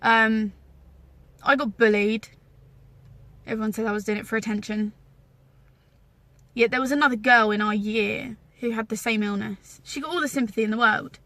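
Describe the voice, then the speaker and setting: A young woman from England talks straight to camera, candid and wry, about her own life. Her voice sits a touch high with a gravelly fry, and the sound is dry and close. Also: steady tone, moderate pace, long pauses, pushed and bright, no echo. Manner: candid, wry, emotional at times. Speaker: vlogger. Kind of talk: personal storytelling to camera.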